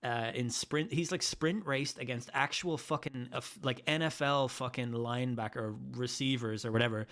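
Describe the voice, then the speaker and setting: A man chatting casually on a podcast, full of hesitant fillers that break into enthusiastic swearing. His voice sits at a middling pitch. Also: normal speed, few pauses, fairly bright tone. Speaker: podcast co-host. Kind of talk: casual chat.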